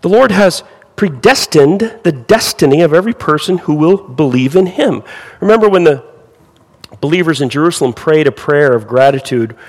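A man preaching a sermon with lively rhetorical questions to his congregation. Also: fairly high pitch, moderate pace, in a large hall, poor audio. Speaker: pastor.

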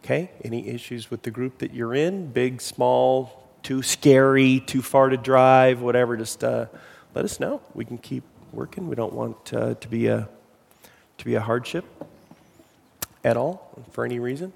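A man's voice: medium pitch, fairly even intonation, normal speed, creaky, a little mellow, long reverb tail. A man preaching a sermon, casual and self-deprecating, with frequent fillers, then reading scripture aloud. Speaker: pastor.

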